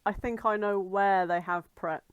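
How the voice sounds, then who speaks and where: A woman co-hosting a podcast, full of quick, giggly banter and the odd swear. She speaks at a middle pitch, and the sound is close and dry. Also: fairly even intonation, clean tone, dry recording, narrow, tinny audio. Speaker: podcast co-host. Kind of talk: casual chat.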